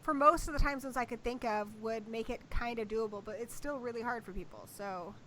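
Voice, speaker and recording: A woman's voice: a little high, sharp tone. A woman hosting a livestream, chatting casually in an upbeat, joking way; she grew up in Australia. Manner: chatty, upbeat, quick to joke. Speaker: host.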